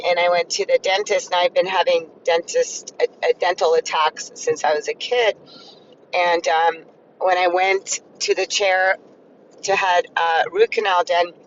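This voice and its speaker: A man's voice: high voice, highs cut off, a little hiss or hum. A man vlogger recounting a personal experience in a hesitant, earnest way, full of ums and restarts. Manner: hesitant, filler-heavy and earnest. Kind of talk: personal storytelling.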